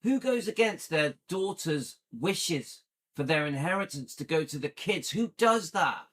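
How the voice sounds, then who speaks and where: A man's voice: a little high, lively intonation, unhurried, fairly bright tone. Indignant man reacting with questions. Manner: indignant, repeating rhetorical questions. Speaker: commentary channel host. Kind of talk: reaction commentary to camera.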